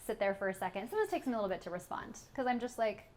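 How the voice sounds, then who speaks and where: A woman's voice: mid-range voice, lively intonation, very fast, darkish tone, a little hiss or hum. A woman co-hosting a parenting podcast, talking casually with many fillers and frequent laughs. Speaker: podcast co-host.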